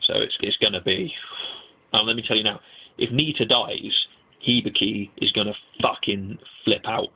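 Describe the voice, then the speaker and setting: A young man giving a casual, rambling anime review, excitable and swearing freely. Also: fairly low pitch, moderate pace, gravelly, husky. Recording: tinny lo-fi mic.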